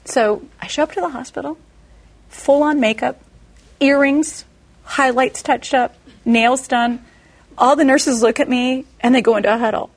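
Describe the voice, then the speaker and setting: Husky woman preaching with animated stories. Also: moderate pace. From Texas, USA. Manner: animated storytelling, acting out quoted voices with big pitch jumps. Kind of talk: sermon with personal storytelling.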